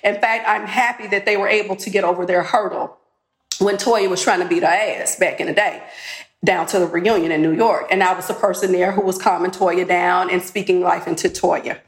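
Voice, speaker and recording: A woman's voice: lowish voice, steady tone, brisk, vocal fry. A woman reality TV cast member telling a candid story in a podcast interview. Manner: candid, retells conversations. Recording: roomy echo.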